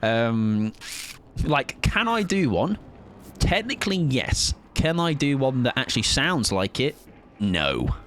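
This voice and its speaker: Chatty English gaming streamer. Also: male voice, mid-range voice, very animated, fairly bright tone, a little hiss or hum. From southern England. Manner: chatty, self-deprecating, quick asides to chat. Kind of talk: casual live-stream chat.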